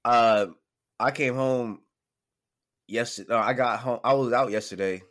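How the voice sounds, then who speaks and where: A man co-hosting a podcast, telling a story in casual chat, animated and swearing freely, getting over a cold. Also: medium pitch, unhurried. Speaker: podcast co-host.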